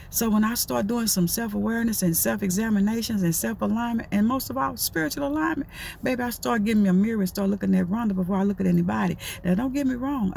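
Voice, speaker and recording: A woman's voice: a little high, gravelly, a little mellow, slight background noise. A middle-aged woman giving a casual, preachy motivational talk, folksy and repetitive. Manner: folksy, preachy, repeats herself. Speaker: motivational talker.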